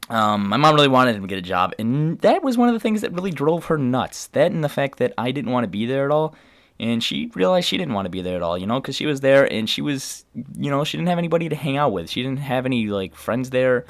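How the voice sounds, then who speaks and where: A teenage guy vlogging straight to camera, rushing through a long personal story. He talks quickly in a middle-pitched voice, looping back on himself with fillers and false starts. The sound is close and dry, with no room around it. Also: no room sound. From New York area. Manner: rambling, full of fillers and restarts.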